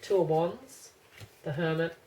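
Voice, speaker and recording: A woman's voice: deep voice, a little slow, dark tone, slight background noise, rough recording. A woman giving a casual pick-a-card tarot reading to camera, rambling and thinking aloud with many restarts.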